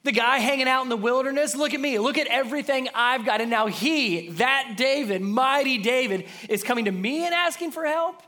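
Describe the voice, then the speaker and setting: Boastful rich man, scornful and loud, done by a man preacher, voice pushed high. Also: moderate pace, few pauses. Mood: sneering.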